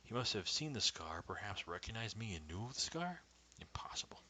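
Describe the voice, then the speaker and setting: Deep-voiced man narrating a story. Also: very animated, slight background noise, low-quality recording. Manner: measured, often dropping to a hushed whisper. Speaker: storyteller reading his own story. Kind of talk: first-person story narration.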